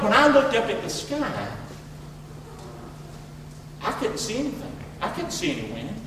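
High-voiced man preaching hard, lots of questions, big echoey church from far off. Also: a bit bright, a little hiss or hum. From rural area. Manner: fervent, repetitive preaching with rhetorical questions. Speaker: pastor. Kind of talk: sermon.

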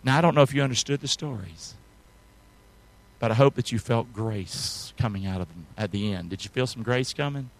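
A man's voice: mid-range voice, fairly quick, gravelly, low-quality recording. A man preaching a sermon, reading old-style scripture aloud and asking the congregation to say words back with him. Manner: call-and-response, asks congregation to say words; reads archaic scripture aloud with emphasis.

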